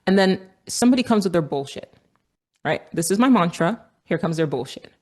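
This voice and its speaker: An earnest woman from Nigeria with a somewhat low voice, telling a story in a reflective monologue. She circles back to the same phrases for emphasis and drops the odd casual swear word. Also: expressive, a little fast, darkish tone. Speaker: vlogger. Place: outdoors on a walk.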